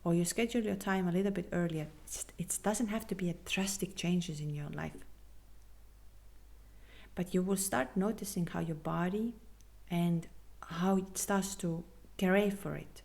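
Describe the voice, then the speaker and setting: A woman hosting a spiritual podcast, talking earnestly and reassuringly with non-native phrasing, sometimes dropping to a soft half-whisper. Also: on the low side, a little slow, gravelly. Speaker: podcast host and spiritual coach. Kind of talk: casual podcast monologue.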